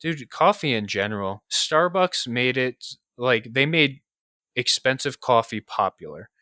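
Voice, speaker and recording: A man's voice: medium pitch, expressive, a little slow, sharp tone, dry recording. A young man with an upstate New York accent, chatting casually on a podcast, swearing often and filling with "like". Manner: casual, swears a lot, many fillers. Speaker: podcast co-host. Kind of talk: casual chat.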